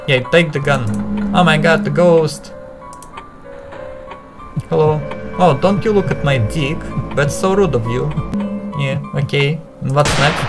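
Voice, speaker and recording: Man gaming, slightly high voice, jumpy commentary, music behind. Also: low-quality recording. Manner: jumpy, swearing, thinking aloud. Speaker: gamer playing a horror game. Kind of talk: let's play commentary.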